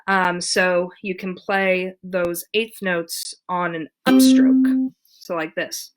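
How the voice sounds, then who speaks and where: A woman giving a casual ukulele lesson, talking in a relaxed way with many fillers and counting beats aloud. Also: lowish voice, slow pace, soft background music. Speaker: ukulele teacher. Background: ukulele strumming.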